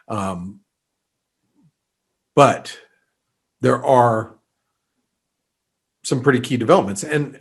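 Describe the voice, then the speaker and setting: Slightly rough and lowish, this market analyst's voice carries through an unscripted webinar he's hosting. He talks loosely, restarting often and leaning on fillers, and his allergies leave him sneezy and somewhat congested.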